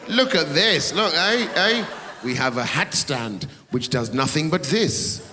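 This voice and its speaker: An English man with a slightly high, animated voice delivers a brash stand-up set at an unhurried pace, swearing and teasing the crowd in a large theatre. The recording is reverberant, with audience noise throughout.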